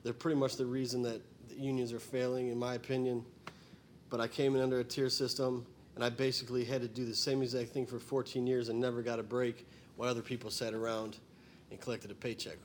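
A man's voice: medium pitch, flat delivery, fast talker, slight background noise. Plainspoken middle-aged man. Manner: rambling, plainspoken, blunt opinions. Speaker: singer-songwriter and former firefighter. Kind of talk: spoken song introduction.

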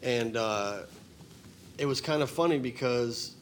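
A man's voice: medium pitch, unhurried, a little hiss or hum. A middle-aged man, introducing his song in a rambling, plainspoken way and stating blunt opinions. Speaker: singer-songwriter and former firefighter.

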